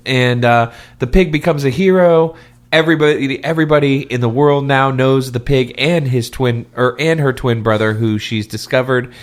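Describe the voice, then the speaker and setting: A man's voice: medium pitch, moderate pace. A man co-hosting a comedy podcast, chatty and self-deprecating, often laughing. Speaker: podcast co-host. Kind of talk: casual chat.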